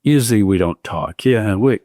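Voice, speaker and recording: In an indoor conversation, a guest scholar in his seventies speaks at a moderate pace in a lowish voice, with no room sound. Telling anecdotes with energy, he drops into the voices of those he's quoting.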